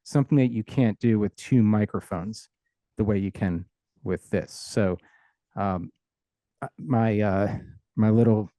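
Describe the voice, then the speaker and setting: Middle-aged male audio engineer guest, relaxed warm tone, dry close sound, keen and plain-spoken. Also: fairly low pitch, a little slow, no room sound. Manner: enthusiastic, explains technical ideas plainly with self-aware humor. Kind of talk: casual explanatory interview.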